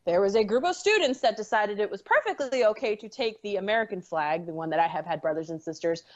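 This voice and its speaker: A woman's voice: medium pitch, animated, fast talker, muffled recording. A woman co-hosting a casual podcast, brash and joking, who swings into fired-up rants. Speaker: podcast co-host. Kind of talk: casual podcast banter and rant.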